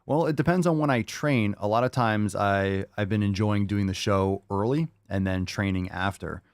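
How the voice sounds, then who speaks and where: A man's voice: lowish voice, moderate pace, no room sound, studio quality. A man hosting a podcast, answering listener questions in a loose, rambling chat with jokey asides. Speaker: podcast host.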